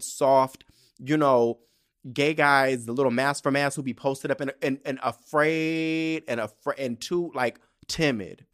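A young man hosting his own podcast, ranting and telling stories in a sassy, profane, animated way. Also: on the high side, clear, resonant tone. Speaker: podcast host. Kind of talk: casual solo podcast rant.

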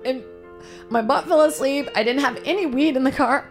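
A woman co-hosting a podcast, with a nasal voice, talking bluntly and swearing as she tells animated stories in casual chat. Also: sits high, moderate pace, soft background music. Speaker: podcast co-host.

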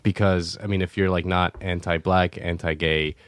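Low-voiced young guy, earnest and halting, guest in a dry studio chat. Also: flat delivery, dry recording. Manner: hesitant, many restarts, earnest explaining. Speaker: podcast guest. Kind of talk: casual conversation.

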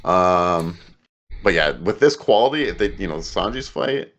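A man's voice: sits low, animated, unhurried, fairly bright tone. A man in his thirties co-hosting a podcast in casual chat, rambling, laughing often and acting out what people said. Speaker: podcast co-host.

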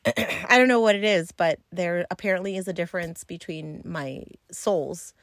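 A woman podcaster chats through a story on her own, blunt and unfiltered, full of fillers. Her voice sits on the lower side. The sound is dry and close, with no room echo. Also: normal speed, fairly bright tone. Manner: blunt, profane and chatty, with many fillers. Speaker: podcast host. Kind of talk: casual solo storytelling.

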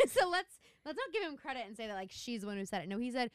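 A young woman co-hosts a casual recap podcast, her voice smooth and clear with a lively, swooping pitch. She keeps jumping into characters' lines. The sound is dry and close. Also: quick pace, no room sound. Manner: animated, acts out characters' lines, laughs often. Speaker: podcast co-host.

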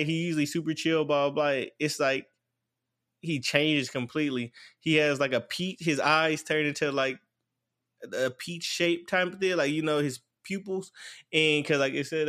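A man's voice: a little high, fairly bright tone. A man casually recapping an anime plot in a rambling way, full of fillers and repeated "blah, blah, blah.". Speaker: anime reviewer.

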